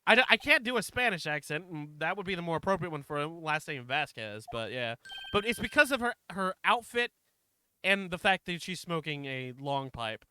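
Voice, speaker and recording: A man's voice: a little high, big pitch swings, normal speed, noisy background. A man casually commenting while playing a game, rambling and self-deprecating, swearing at his mistakes. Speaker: streamer.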